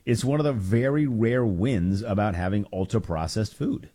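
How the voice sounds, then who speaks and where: A man's voice: on the low side, normal speed, mellow. A man co-hosting a casual podcast, telling rambling jokey stories. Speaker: co-host.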